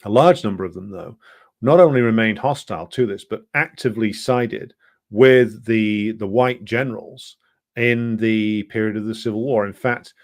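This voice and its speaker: Halting, low-voiced man explaining history. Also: no room sound, clean studio sound. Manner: halting, with frequent ums and restarts. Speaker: presenter of a political history programme. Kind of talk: unscripted explanatory talk.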